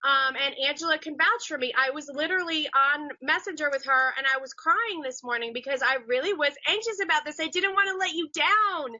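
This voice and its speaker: A woman with a high, very bright and sharp voice speaks as a guest on a live online chat. She talks haltingly and restarts her sentences often. The sound is dry and dull, with lo-fi livestream quality. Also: no echo. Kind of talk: live social media chat.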